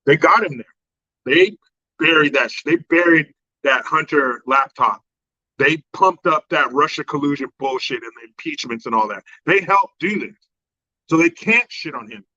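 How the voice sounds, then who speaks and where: A man's voice: a little high, normal speed, sharp tone, dry recording. Sarcastic ranting male commentator. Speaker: host. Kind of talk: profane political commentary monologue. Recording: dry, slightly dull lo-fi sound.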